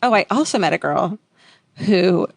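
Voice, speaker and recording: Lively young woman with vocal fry. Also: moderate pace, dry recording. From California. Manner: animated storytelling with big pitch jumps for quoted voices. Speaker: podcast co-host. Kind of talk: casual chat.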